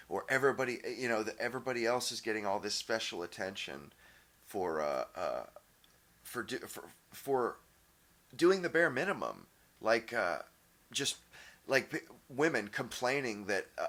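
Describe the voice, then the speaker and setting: Rambling man ranting with lively pitch. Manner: rambling, halting, many restarts and fillers; blunt and profane. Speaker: channel host. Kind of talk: casual opinion rant.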